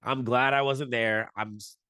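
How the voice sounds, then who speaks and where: A man's voice: mid-range voice, fairly even intonation, unhurried, bright, forceful tone, dry recording. A man co-hosting a podcast, talking candidly and at length, swearing often. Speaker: podcast co-host. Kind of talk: casual chat.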